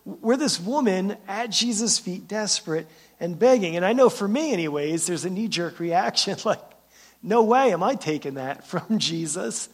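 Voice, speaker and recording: A man preaching a sermon as pastor, talking conversationally, often checking in with "right?" and repeating words as he starts sentences. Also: high-pitched. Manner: conversational preaching with frequent "right?" tag questions.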